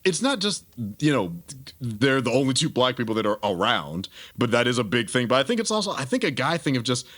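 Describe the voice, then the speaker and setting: A man's voice: medium pitch, sing-song, brisk, a bit bright. A man co-hosting a podcast review, talking casually and rambling with many restarts. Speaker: podcast co-host.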